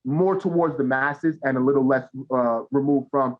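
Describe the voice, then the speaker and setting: A man's voice: medium pitch, normal speed. A man speaking as a podcast guest, often stalling on repeated words and fillers. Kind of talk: casual podcast interview. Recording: dull lo-fi sound.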